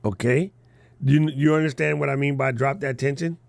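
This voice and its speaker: Gravelly-voiced male podcast coach. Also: medium pitch, moderate pace, dry recording. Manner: animated, joking, laughs often. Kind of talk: live workshop chat.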